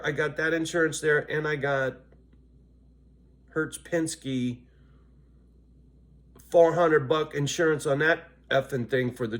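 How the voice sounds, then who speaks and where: A tired, loopy middle-aged man vlogging to his viewers in a casual, rambling way, swearing freely and often asking "right?". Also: medium pitch. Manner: profane, chatty, keeps asking "right?". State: worn out and loopy.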